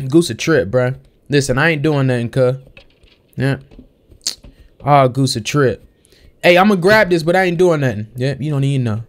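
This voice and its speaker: A man's voice: mid-range voice, moderate pace, long pauses. A young man giving casual, slangy play-by-play of a video game, talking to the characters on screen. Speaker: gameplay streamer. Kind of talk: casual let's-play commentary.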